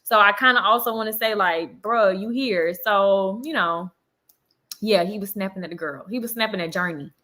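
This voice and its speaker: Animated young woman telling a story, bright voice. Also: medium pitch, normal speed. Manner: animated storytelling, acting out quotes, frequent fillers. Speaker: vlogger on a live chat. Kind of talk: casual storytime chat.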